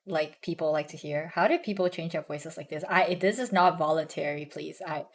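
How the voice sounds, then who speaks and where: A young woman streamer chatting casually with a hoarse, strained voice, stumbling over restarts and fillers. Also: low-pitched. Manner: halting, many restarts and ums, self-conscious.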